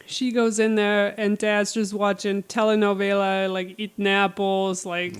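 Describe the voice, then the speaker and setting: A woman co-hosting a podcast in a casual book chat, retelling a plot in an animated way with frequent laughter. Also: mid-range voice, a little slow, clean tone. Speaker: podcast co-host.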